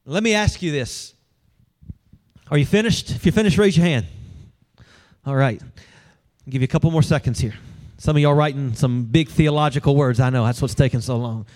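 A man's voice: medium pitch, moderate pace, long pauses, a little mellow. A man preaching a sermon, conversational and humorous, talking directly to his congregation. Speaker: pastor.

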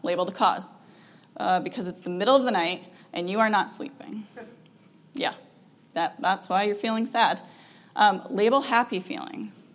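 A woman counselor giving an informal talk to parents, chatty and animated, with frequent ums and laughs, acting out what parents and children say. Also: mid-range voice, normal speed, pauses often. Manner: animated, acts out quoted parent and child lines.

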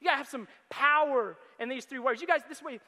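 A young adult man preaching as a youth pastor, telling stories with animation and bursting into loud excited quotes. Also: very high-pitched, quick pace. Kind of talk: sermon. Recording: long hall reverb.

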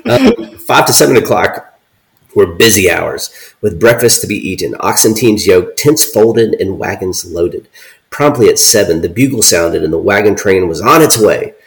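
A man co-hosting a podcast, reading an old account aloud with deadpan asides. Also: low voice, moderate pace, gravelly, low-quality recording. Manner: deadpan, reads quotes with dry asides. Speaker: podcast co-host.

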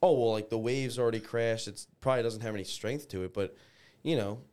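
A man's voice: medium pitch, a little fast, a little mellow, clean tone. A young man with a New Jersey accent, a lifeguard guest chatting in a laid-back way full of "like" and "you know.". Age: young adult. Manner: laid-back, filler-heavy with "like". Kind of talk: casual chat.

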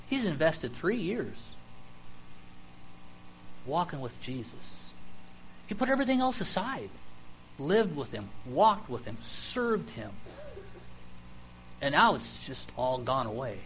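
A man's voice: mid-range voice, fairly bright tone, a little hiss or hum, poor audio. Earnest conversational man preaching. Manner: conversational, emphatic storytelling with dramatic pauses. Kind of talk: sermon.

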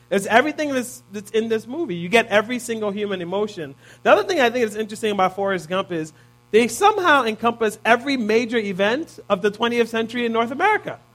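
A man's voice: high-pitched, fairly bright tone. A man in his thirties giving a conversational sermon, often checking in with listeners by asking "right?". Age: 30s. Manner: casual, peppers points with "right?". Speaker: preacher.

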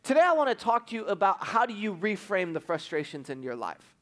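A middle-aged man preaching, telling a personal story with animated, self-mocking humor. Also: high voice, fairly quick. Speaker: pastor.

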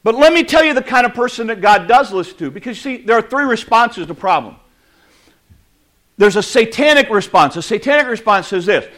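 A man preaching a sermon, playful and animated, acting out little scenes with the audience. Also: sits high, moderate pace, long pauses. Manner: animated, playful, acts out quotes. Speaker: pastor.

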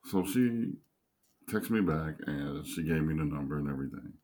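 Co-host, very low-voiced man, husky, young, animated storyteller. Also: moderate pace. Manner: animated, acts out other voices in a high pitch. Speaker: podcast co-host. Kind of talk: casual storytelling chat.

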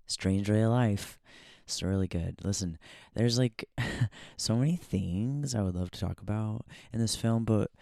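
A man's voice: lowish voice, gravelly, mellow, no room sound, clean studio sound. A man hosting a podcast in a casual, reflective monologue, musing aloud with many fillers and frequent laughs. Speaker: podcast host.

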